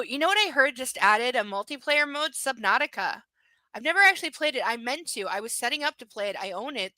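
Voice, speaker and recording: A woman's voice: a little high, pushed and bright, dry recording, poor audio. A woman streaming, reading a novel aloud and chatting bluntly, swearing freely and ranting animatedly. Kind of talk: casual live-stream reading and chat.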